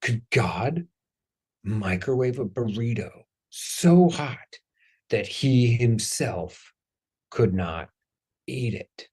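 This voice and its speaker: A man imitating a dazed, slow-talking cartoon dad, drawling his words out dreamily. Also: mid-range voice, animated, a little mellow, breathy edge, full character voice.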